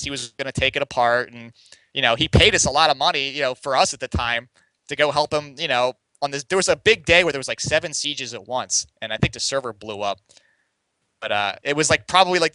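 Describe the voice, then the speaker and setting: A man's voice: mid-range voice, bright, forceful tone, clear, resonant tone, no echo, rough recording. A young man, a podcast guest, telling a long story in a casual, rambling way that is full of swearing and fillers. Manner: rambling and profane, heavy on fillers like "like" and "you know". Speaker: podcast guest, game community writer.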